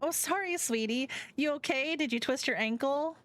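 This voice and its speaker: A woman voicing an excitable young woman friend in a visual novel, gushing and squealing. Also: sits high, normal speed, pitched above the performer's own voice. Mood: fussing.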